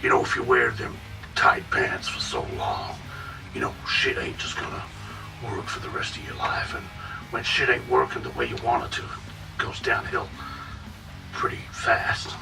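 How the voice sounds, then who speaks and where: A man doing a rasping, weary wrestler. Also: huge pitch swings, moderate pace, distant mic, music in the background, full character voice, low-quality recording. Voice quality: very low, rasping near-whisper. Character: weary gravel-voiced male wrestler.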